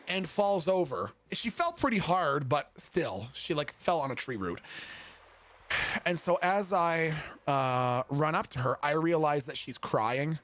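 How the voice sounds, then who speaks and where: A man's voice: a little high, fairly bright tone. A young man, a streamer, telling a funny story in a casual, profane, self-mocking way.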